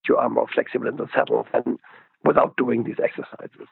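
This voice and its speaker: A man, a riding expert being interviewed, explaining slowly and methodically and repeating his key words. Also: medium pitch, fairly even intonation, gravelly, slightly rough, no echo, narrow, tinny audio.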